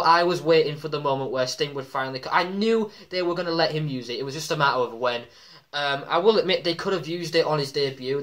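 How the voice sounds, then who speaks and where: A man giving a casual, excitable wrestling commentary vlog, full of ums and acted-out shouts. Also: a little high. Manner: excitable, many ums, acts out quoted shouts. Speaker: wrestling vlogger.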